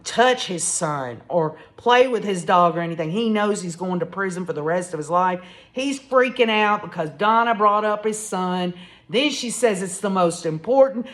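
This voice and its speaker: A woman talks through a true crime case in a casual, emphatic way, often turning straight to her listeners. Her voice sits at an ordinary middle pitch for a woman. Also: a bit bright. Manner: emphatic, addresses listeners as y'all.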